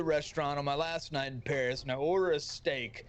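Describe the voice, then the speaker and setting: A man's voice: a little high, steady tone, a little fast. A man with a Texan accent, a streamer guest telling a brash, profane, joking story on a podcast.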